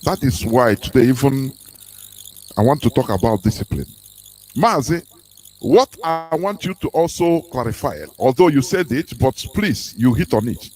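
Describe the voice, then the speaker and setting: A man hosting a radio talk show, speaking in an animated, sermon-like way with fillers. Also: mid-range voice, normal speed, poor audio. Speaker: radio host.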